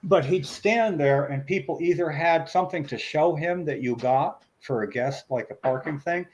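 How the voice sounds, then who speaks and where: A man's voice: fairly high pitch, moderate pace, darkish tone, poor audio. A middle-aged man, telling a long anecdote in casual podcast chat, rambling with many fillers and restarts.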